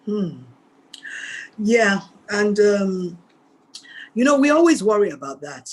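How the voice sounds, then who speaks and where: A Nigerian woman speaking as a guest on a mentoring video call, telling lively stories and acting out the dialogue. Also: medium pitch, takes it slowly. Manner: animated storytelling, acts out dialogue. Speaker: guest speaker and board chair.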